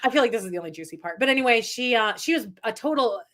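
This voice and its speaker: A woman co-hosting a podcast, retelling reality TV gossip in a rambling, animated way. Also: a little high, rapid-fire. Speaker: podcast co-host. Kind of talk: casual gossip chat.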